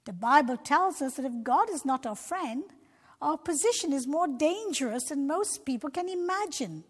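A woman's voice: high voice, lively intonation, normal speed. A woman narrating a Christian children's story expressively, talking directly to young listeners. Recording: long reverb.

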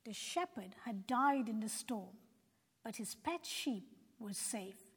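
Slow, breathy woman telling a Bible story. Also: a little high, lively intonation. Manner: gentle, earnest preaching tone. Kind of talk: scripted narration of a children's Bible story. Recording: long hall reverb.

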